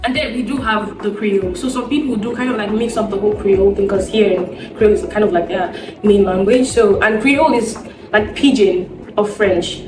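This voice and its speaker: A chatty young woman talks casually to her viewers, telling stories and acting out the people in them. She sounds set back from the microphone in a roomy space. Music plays clearly underneath her voice. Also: medium pitch, brisk, distant mic. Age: young adult. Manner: chatty storytelling, acts out conversations. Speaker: vlogger. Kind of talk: casual sit-down chat.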